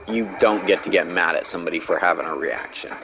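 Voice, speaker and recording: Deep-voiced man ranting bluntly. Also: fast, rough recording. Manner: blunt, heavy swearing. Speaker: gaming streamer. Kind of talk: casual rant while gaming.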